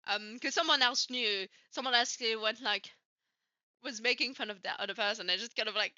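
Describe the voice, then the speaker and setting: A woman's voice: on the high side, brisk, bright, forceful tone, no room sound, lo-fi sound. A woman from Switzerland with a light Swiss French accent, co-hosting a casual chat and swearing freely as she acts out the people in her stories. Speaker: podcast co-host.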